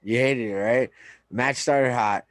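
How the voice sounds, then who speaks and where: A man's voice: mid-range voice, a little slow, no room sound, clean studio sound. A man co-hosting a podcast, reviewing wrestling in a loose, profane casual chat and often trailing off mid-sentence. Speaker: podcast co-host.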